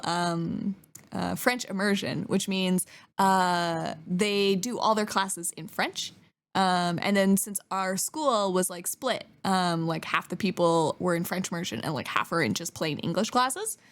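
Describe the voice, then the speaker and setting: A young woman from Western Canada chats casually on a live stream, giggling often and trailing off with fillers. Her voice is medium in pitch with a fairly bright tone.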